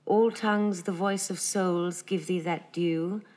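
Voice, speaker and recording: A woman reciting a sonnet in a flat, unstressed way. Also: on the low side, slow. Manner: flat, unstressed verse reading. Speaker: actress in a masterclass.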